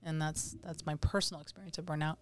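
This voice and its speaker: Woman cohost, kinda low voice, reflective, just chatting about her own life. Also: fairly even intonation, quick pace, a crowd in the background. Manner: reflective, speaking from personal experience. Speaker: podcast co-host. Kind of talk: casual conversation on emotions.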